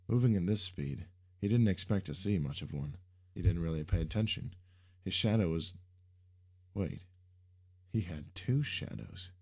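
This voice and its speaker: A man reading an action story aloud in steady scripted narration. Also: sits low.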